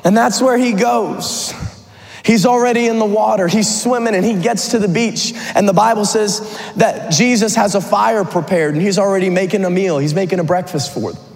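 A man's voice: sits high, brisk, creaky. Conversational preacher man in echoing hall. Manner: conversational, animated retelling with humor. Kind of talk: sermon storytelling. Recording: long hall reverb.

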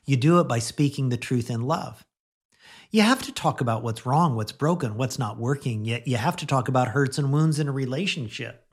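Man, pastor, middle-aged, conversational sermon, gentle, radio devotional. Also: mid-range voice, expressive, normal speed, husky. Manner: warm conversational preaching, gentle laughs.

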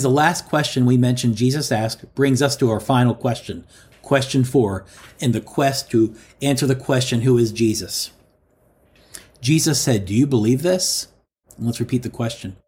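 A man delivers a sermon, addressing his listeners as friends and slowly repeating every quoted line for emphasis. His voice sits at a medium pitch with a somewhat dark tone.

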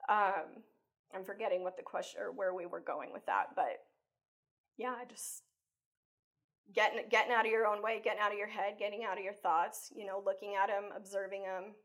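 A woman life coach talking casually as an interview guest, chatty and animated, acting out her own thoughts with lots of "like" and "you know.". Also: medium pitch, normal speed. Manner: acts out her own inner thoughts while telling stories. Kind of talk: conversational interview.

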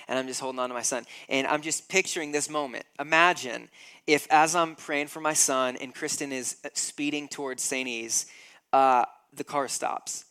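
A man's voice: mid-range voice, steady tone, normal speed, pushed and bright, clear, resonant tone. A man in his thirties preaching a sermon, emphatic and acting out scenes with growing intensity. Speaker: pastor.

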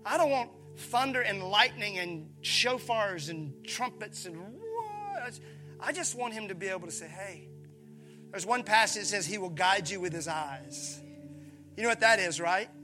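A pastor from preaching a sermon, animated, acting out voices and calling on his listeners. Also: sits high, moderate pace, over music. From Mississippi, USA. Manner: animated, acts out voices, calls on the congregation.

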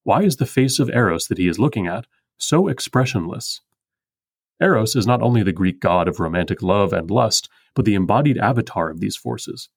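A man hosting a poetry podcast, explaining meter in a measured, precise, scripted way. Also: on the low side, expressive, vocal fry, breathy edge, no room sound, studio quality.

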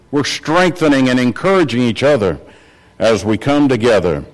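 A man preaching a sermon to a congregation, earnest, repeating points and rising in pitch to stress them. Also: sing-song, normal speed, low-quality recording.

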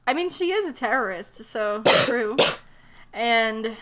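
A woman's voice: on the high side, takes it slowly. Sarcastic young woman retelling a story. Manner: sarcastic, animated retelling with mocking voices. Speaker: book discussion co-host. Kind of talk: casual chat.

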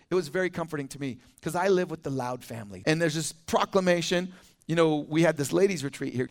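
Man, pastor, high voice, casual animated sermon, conversational asides. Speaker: teaching pastor. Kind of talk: expository sermon. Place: church.

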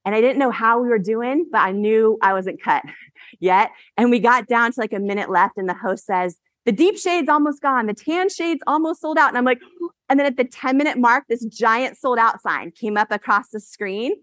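A woman in her forties giving a motivational keynote on stage, telling stories with animated delivery and frequent laughter. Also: a little high, moderate pace, no echo. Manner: animated, laughs often, acts out quotes. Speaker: keynote speaker. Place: event stage.

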